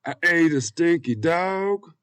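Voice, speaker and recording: A man's voice: a little high, animated, a bit bright, clean tone, no echo, pitched above the performer's own voice. A man voicing a greedy, gloating fat man who eats children in a bedtime tale. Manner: gloating, drawn-out threats.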